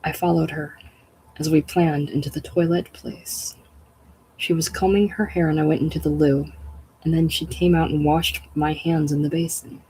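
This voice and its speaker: A storyteller voicing a grieving wife, urgent and elated, sometimes dropping to a breathy whisper. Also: mid-range voice, little pitch movement, moderate pace, mellow, a little hiss or hum, natural voice, low-quality recording.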